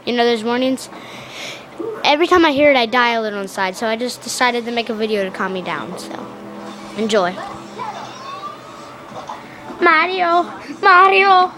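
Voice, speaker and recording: Goofy high-voiced woman making a home video. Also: fairly quick, background noise. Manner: goofy, excitable, jokey. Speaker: video maker. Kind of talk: homemade toy comedy vlog.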